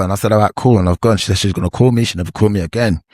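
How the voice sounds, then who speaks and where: A young man, a former reality show cast member, telling a slang-heavy story in an animated, repetitive way. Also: fairly low pitch, rapid-fire, no room sound, studio quality. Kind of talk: storytime vlog.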